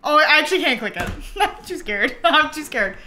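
A woman hosting a gameplay livestream, chatting to viewers, giggly and easily excited, thanking them for subscriptions. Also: sits high, moderate pace, a little hiss or hum. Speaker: livestream host.

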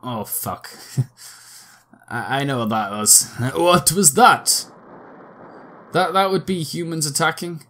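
A man's voice: on the high side, takes it slowly, pauses often, bright, forceful tone. A man with a scratchy throat giving casual, sweary let's-play commentary with laughing asides.

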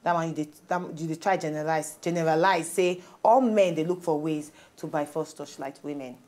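Speaking briskly in a low voice, a Nigerian-accented woman hosts a talk show from a studio, animated and often laughing as she chats casually in pidgin and reads stories aloud.

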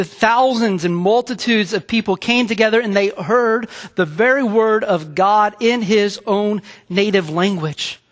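A man preaching a sermon as pastor, earnest and halting, often restarting his phrases. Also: sits high, a bit bright. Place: church sanctuary. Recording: long hall reverb.

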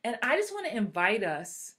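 Acting coach, woman, 40s, bright and animated, live talk. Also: on the high side, moderate pace. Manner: animated, acts out quoted voices. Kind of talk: live-streamed motivational talk.

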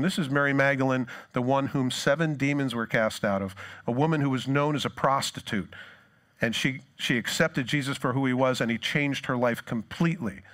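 A male pastor preaching a sermon, retelling scripture in a lively storytelling way and briefly acting out the people in it. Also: medium pitch. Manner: animated storytelling, acts out quoted lines.

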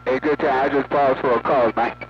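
A man's voice: medium pitch, steady tone, fairly quick, soft background music. A talkative man chatting on the air in a folksy, repetitive way, one radio operator to others. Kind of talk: casual on-air radio chat. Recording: dull lo-fi radio with loud static.

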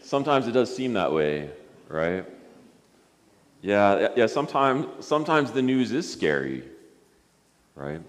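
Gentle coaxing male pastor, church reverb. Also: on the low side, very animated. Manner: gentle, coaxing, halting with many restarts. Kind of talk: children's sermon with a puppet. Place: church sanctuary.

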